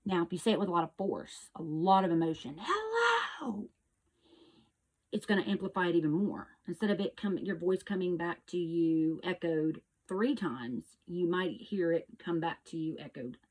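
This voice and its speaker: A woman hosting her own show, earnestly teaching about energy in a casual monologue with restarts, sometimes calling out loud echoing hellos. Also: lowish voice, normal speed, hardly any pauses. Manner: earnest, repetitive, with restarts and loud echo demonstrations. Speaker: host.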